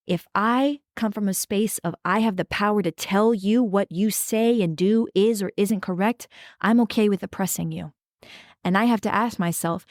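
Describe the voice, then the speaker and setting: Earnest woman podcast host, mid-pitched voice, talks straight to listeners, dry close sound. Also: brisk, darkish tone, dry recording. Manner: earnest, emphatic, addresses listeners directly. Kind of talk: reflective podcast talk.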